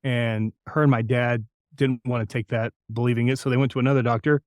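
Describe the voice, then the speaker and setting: A middle-aged man from New Mexico, a voice actor telling lively anecdotes in an interview. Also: mid-range voice, brisk, dry recording, studio quality. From New Mexico, USA. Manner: lively anecdotal, acts out quoted lines. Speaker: voice actor guest. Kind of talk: interview storytelling.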